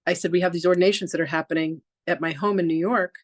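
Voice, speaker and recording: A woman's voice: lowish voice, fast, no echo. Chatty woman host telling a story. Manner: animated storyteller acting out quoted dialogue; chatty, peppered with "like" and restarts. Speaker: podcast host, reverend. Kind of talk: personal storytelling in casual chat.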